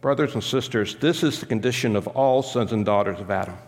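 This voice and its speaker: Male pastor, mid-pitched, emphatic teaching sermon, long hall reverb. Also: a little fast. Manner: teaching, emphatic, stops to explain Greek grammar. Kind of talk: expository sermon.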